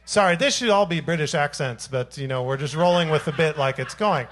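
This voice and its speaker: A man's voice: a little high, a little fast, fairly bright tone. Playful rambling bandleader, a man. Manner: playful, rambling, self-mocking storyteller. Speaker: bandleader and singer. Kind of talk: joking stage banter between songs. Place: live jazz showcase stage.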